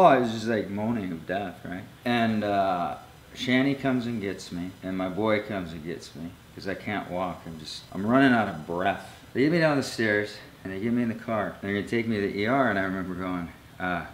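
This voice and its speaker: Man, interview guest, emotional storytelling, low voice, echoey room, faint background hum. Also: a little fast. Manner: animated, swings between loud bursts and hushed low lines.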